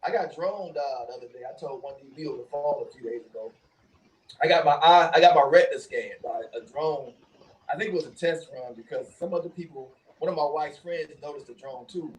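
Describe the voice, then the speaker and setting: High-pitched guy chatting away on a talk show, animated, laughs a lot, sounds a bit far from the mic. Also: fairly quick. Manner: animated storytelling, laughs often. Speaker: co-host. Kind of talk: casual chat.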